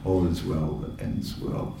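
A man giving an informal spiritual lecture, talking in a conversational, halting way with many fillers and laughing asides. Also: low-pitched, flat delivery, gravelly, mellow, recorded from a distance, a little hiss or hum. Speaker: spiritual teacher. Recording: echoey room, voice from off-mic.

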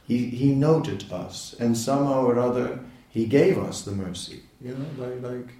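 A man giving an informal spiritual lecture, talking in a conversational, halting way with many fillers and laughing asides. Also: mid-range voice, dark tone, distant mic. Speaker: spiritual teacher. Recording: echoey room, voice from off-mic.

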